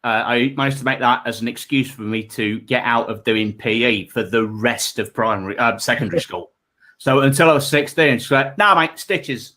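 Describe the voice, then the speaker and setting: An English man hosting a casual chat show, jokey and quick to steer the talk along. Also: medium pitch, pushed and bright. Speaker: host.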